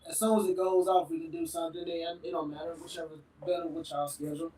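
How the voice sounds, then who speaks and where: A man joins a casual podcast as a guest, his voice hyped and animated as he tells a story. He sits well back from the mic in a roomy, echoing space. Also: a little high, fast, distant mic, a little hiss or hum. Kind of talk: casual chat.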